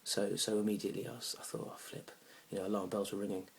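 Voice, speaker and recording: A young man telling a comic story about a bad date, awkward and rambling, now and then bursting into loud indignant rants. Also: fairly low pitch, flat delivery, very fast, gravelly. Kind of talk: deadpan comic monologue.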